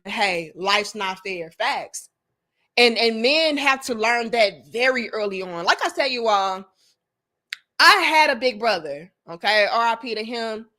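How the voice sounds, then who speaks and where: This commentary channel host, in her thirties, speaks in a slightly high, sharp-toned voice. She tells her chat personal stories live, blunt and emphatic, cursing freely.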